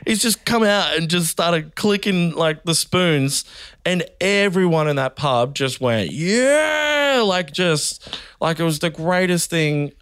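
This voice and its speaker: A man, a comedian, telling animated stories in a casual podcast chat and laughing often. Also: on the high side, unhurried, clear, resonant tone, no room sound, clean studio sound.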